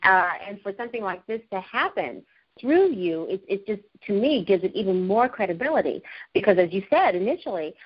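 A woman's voice: medium pitch, animated, brisk, breathy edge. Enthusiastic woman show host. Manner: enthusiastic, with hesitant restarts. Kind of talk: interview. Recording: dull lo-fi audio.

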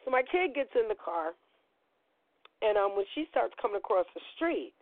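A woman's voice: on the high side, moderate pace, dry recording. Profane storytelling woman on a tinny line. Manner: profane, animated storytelling with acted-out quotes. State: recovering voice, gravelly. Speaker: podcast host. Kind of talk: storytelling monologue.

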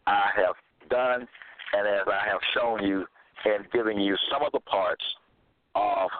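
A man giving a slow, repetitive religious monologue, halting with fillers and stressing his points. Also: lowish voice, slight background noise. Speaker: self-styled preacher. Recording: tinny phone-like dry recording.

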